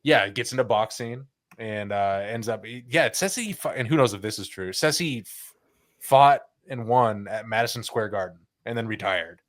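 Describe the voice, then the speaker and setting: A man's voice: on the low side, moderate pace, dry recording, studio quality. A man in a loose podcast chat, rambling through stories and peppering them with slang. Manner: loose, rambling, says "dude" and "like" often. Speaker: podcast host. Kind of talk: casual chat.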